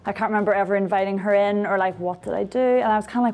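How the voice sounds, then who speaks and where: A woman tells a story in a level, monotone way, hardly rising or falling. Faint music plays underneath. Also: mid-range voice, racing. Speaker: interviewee.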